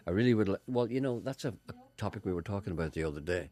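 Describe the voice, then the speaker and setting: An older man presents a radio show with sardonic, deadpan humor. His voice swings widely in pitch and sounds dry and close, with no room echo. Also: rapid-fire. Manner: sardonic, deadpan, often laughing. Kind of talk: wry radio banter and narration.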